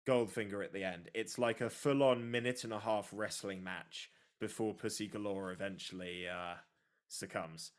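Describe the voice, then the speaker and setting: A young man with a lowish voice co-hosts a podcast at a moderate pace. He chats casually and tells stories animatedly, acting out the quotes as he goes.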